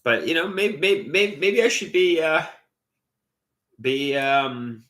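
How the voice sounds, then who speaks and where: A young man with a Long Island accent chatting casually on a livestream, rambling and hesitant as he reads out viewer comments. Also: slow pace. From Long Island, New York. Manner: rambling, hesitant, lively pitch. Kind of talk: casual live stream chat, reading comments.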